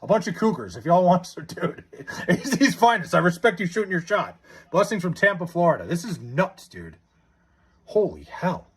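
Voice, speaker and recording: A young man live-streaming, chatting casually and reading out viewer comments, excitable and stammering with frequent restarts. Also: high-pitched, moderate pace, slightly rough.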